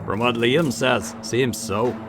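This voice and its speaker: A man's voice: mid-range voice, slow pace, music in the background, close to an everyday voice. A man putting on a sly Irish gang boss. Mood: menacing, mocking. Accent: put-on Irish. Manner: drawling, teasing, threatening. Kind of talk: video game voice reading.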